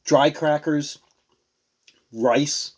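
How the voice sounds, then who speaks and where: A man's voice: a little high, fairly even intonation, extremely slow, slight background noise. A man casually reviewing and tasting beers on a show he hosts, rambling and searching for words as he goes. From Rhode Island. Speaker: beer reviewer.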